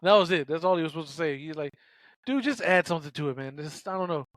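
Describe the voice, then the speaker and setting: High-voiced, jokey male podcast co-host. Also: animated, fast, no room sound, clean studio sound. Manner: jokey, chatty, shares trivia, acts out quotes. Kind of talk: casual film recap chat.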